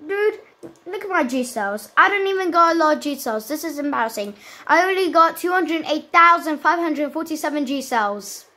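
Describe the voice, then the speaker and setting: A woman chatting excitedly to her viewers while she plays a video game. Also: sits high, moderate pace, rough recording. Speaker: gaming channel host. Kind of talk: casual gameplay commentary.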